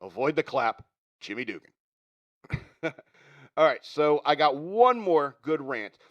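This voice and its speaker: Guy hosting a radio show, laughs a lot, rambles on, slightly high voice. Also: very animated, a little slow, fairly bright tone, highs cut off. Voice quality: chuckling, rambling, self-interrupting. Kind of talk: casual chat.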